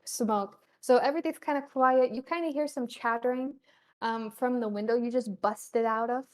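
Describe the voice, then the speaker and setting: A woman narrating a tabletop game as game master, describing scenes in a halting way with many pauses. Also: fairly high pitch, a little mellow.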